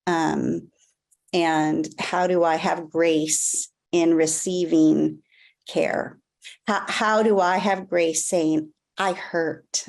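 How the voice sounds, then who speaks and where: A woman with a low, gravelly voice speaks slowly and thoughtfully as a panelist. She hesitates and pauses often. She is heard over a video call. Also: fairly even intonation, a little mellow. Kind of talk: reflective panel talk.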